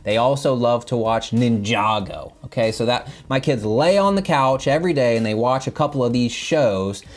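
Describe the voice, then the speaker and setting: A middle-aged man teaching a children's Bible lesson, telling the story in an animated way and checking in with the kids as he goes. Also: mid-range voice, normal speed, few pauses.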